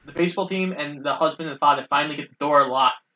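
A man's voice: a little high, quick pace, sharp tone, lo-fi sound, slight background noise. A man co-hosting a casual podcast, walking through a movie's plot point by point and swearing casually. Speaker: podcast co-host. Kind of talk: casual movie recap chat.

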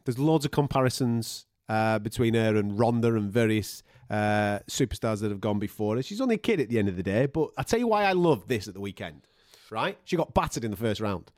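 Podcast host, lively swinging pitch, rants and swears, dry close sound. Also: male voice, a little fast, no room sound. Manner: animated, swearing, ranting. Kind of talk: casual sports chat.

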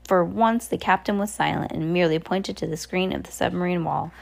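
A woman with a fairly low, creaky voice reads a children's novel aloud as an amateur audiobook narrator. She goes fairly quickly and makes frequent slips and restarts.

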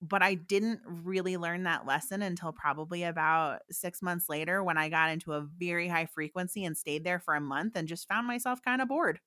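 A woman with a fairly low but bright, forward voice tells a story in an easy, chatty way. She leans on fillers and acts out the lines of the people in it. The sound is dry and close, with no room around it. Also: moderate pace, few pauses, dry recording. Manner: animated, fillers, quotes voices in her stories. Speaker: guest psychic medium. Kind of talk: conversational storytelling.

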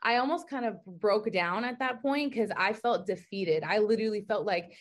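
A woman's voice: medium pitch, normal speed. A woman guest on a fitness podcast, telling her story candidly and heartfelt, with a lot of "like". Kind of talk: casual interview chat.

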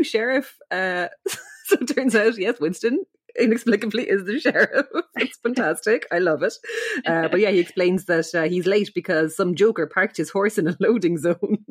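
A woman's voice: on the low side, normal speed. Giggly woman recapping a show. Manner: giggly, full of fillers, acts out lines from the episode. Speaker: podcast co-host. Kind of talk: casual chat recapping a TV episode.

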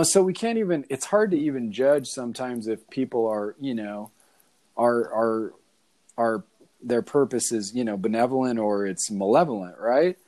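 A man's voice: medium pitch, dark tone. A man hosting a casual conversation, musing thoughtfully and rambling, with many "you know"s.

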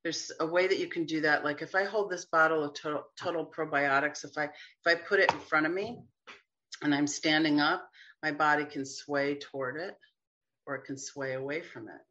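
A woman talking as a guest healer in a casual interview, chatty and animated, often acting out little quoted voices. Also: low voice, moderate pace, highs cut off.

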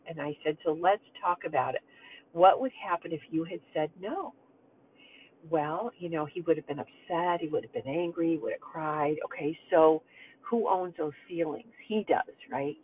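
An older woman hosting a heartfelt talk for mothers, telling a personal story earnestly and speaking straight to her listeners. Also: on the low side. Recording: tinny phone-like sound with faint noise.

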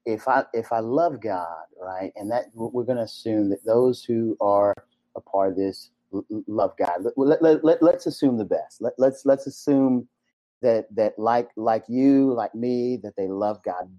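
A man's voice: mid-range voice, mellow. A man co-hosting a Christian commentary podcast, reflective, restarting his sentences as he thinks aloud. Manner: halting, many restarts, reflective. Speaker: podcast co-host.

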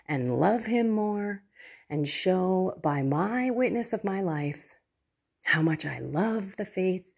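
Slow, gravelly-voiced woman sharing her faith. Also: low voice, darkish tone. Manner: earnest, heartfelt, prayerful. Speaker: faith coach and vlogger. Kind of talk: personal faith talk to camera.

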